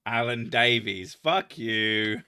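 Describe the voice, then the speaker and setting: A man's voice: medium pitch, sharp tone, clear, resonant tone. A British man hosting a casual chat, reading out viewer comments with lots of laughing, swearing and self-mocking jokes. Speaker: host.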